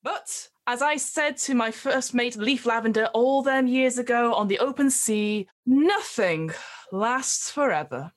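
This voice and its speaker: A woman voicing a bearded old tavern keeper who gives a slow, florid speech. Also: on the high side, natural voice. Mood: theatrical.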